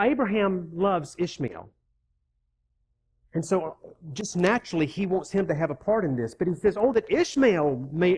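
A preacher giving a sermon, emphatic and conversational, repeating key words for weight and reading scripture aloud. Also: medium pitch. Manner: reads scripture aloud and acts out the characters' lines; conversational asides to the congregation.

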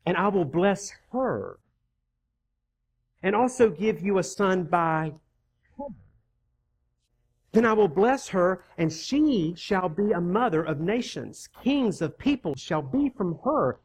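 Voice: medium pitch, sing-song, slow, long pauses. A preacher giving a sermon, emphatic and conversational, repeating key words for weight and reading scripture aloud. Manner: reads scripture aloud and acts out the characters' lines; conversational asides to the congregation.

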